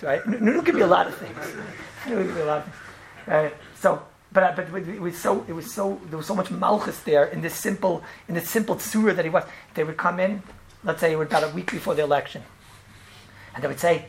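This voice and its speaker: Fast-talking man a gravelly voice. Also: on the high side, slight background noise, poor audio. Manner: animated, repeats himself, frequent "right?" and restarts. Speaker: storyteller recalling a rabbi. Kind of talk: casual storytelling chat.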